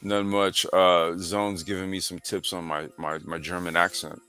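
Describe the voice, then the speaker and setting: A man's voice: sits low, flat delivery, normal speed, bright, forceful tone, slight background noise. A man hosting a casual sim racing talk show, reading history aloud with lots of fillers and slang. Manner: laid-back, slangy, reads history aloud with frequent fillers. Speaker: podcast host.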